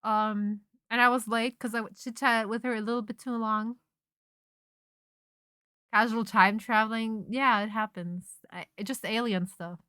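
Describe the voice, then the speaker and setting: A young woman streaming on her own and chatting casually, sounding bright and a little tense in her voice. Her tone is crisp and clean, and she tells her story in a rambling, animated way, stopping and restarting as she goes. It is recorded dry and close on the mic, with no room sound. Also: on the high side, measured pace, no room sound. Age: young adult. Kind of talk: casual chat.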